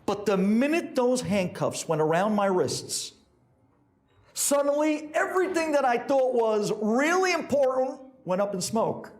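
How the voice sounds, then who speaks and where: Rabbi guy telling a story, high voice that jumps all over, does all the characters. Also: sing-song, measured pace. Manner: acts out characters with big pitch swings. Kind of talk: storytelling sermon.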